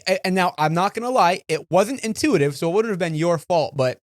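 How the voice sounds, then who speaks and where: A man's voice: high-pitched, lively intonation, a little fast, no room sound, clean studio sound. A young man co-hosting a casual podcast, swearing and complaining in an exasperated way about his friend. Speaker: podcast co-host. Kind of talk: casual banter.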